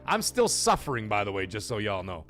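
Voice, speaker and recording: A middle-aged man hosting a live gaming stream, shouting hype and joking shout-outs to his chat. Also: fairly low pitch, wildly swooping pitch, a little fast, faint music behind.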